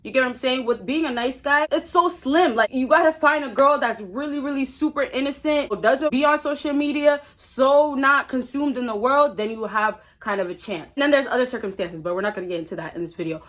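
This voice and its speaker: A young woman with a fairly high voice talks straight to her viewers in a casual advice vlog. She is blunt and emphatic, and she hammers her points home by repeating key phrases. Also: brisk, hardly any pauses, a bit bright. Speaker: dating advice vlogger. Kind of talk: casual advice monologue to camera.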